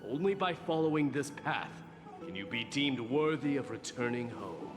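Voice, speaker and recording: An actor playing a proud young crown prince in a game, giving formal orders. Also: male voice, mid-range voice, expressive, moderate pace, natural voice. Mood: commanding. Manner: formal, commanding speech. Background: game music.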